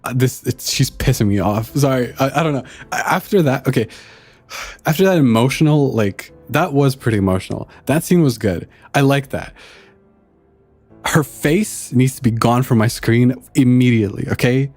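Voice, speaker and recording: A man's voice: medium pitch, normal speed, husky, soft background music. Amped-up man streaming a game. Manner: excitable, swearing, stumbling over words. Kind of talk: excited gameplay reaction.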